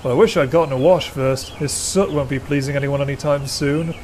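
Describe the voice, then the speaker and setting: A man's voice: mid-range voice, fairly even intonation, fairly quick, a little mellow, slight background noise, lightly acted. A man voicing a friendly, hard-working male tank engine who speaks in a cheerful, upbeat manner.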